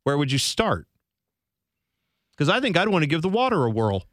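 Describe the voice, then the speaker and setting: A man's voice: on the high side, big pitch swings, normal speed, a bit bright, dry recording, studio quality. A man co-hosting a radio talk show, chatting casually in a rambling, self-deprecating way.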